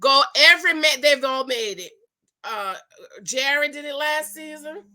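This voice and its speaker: A woman talks through a reality show episode in a casual, gossipy recap. Her voice sits high and bright, and she jumps into quick, animated impressions of the cast as she goes.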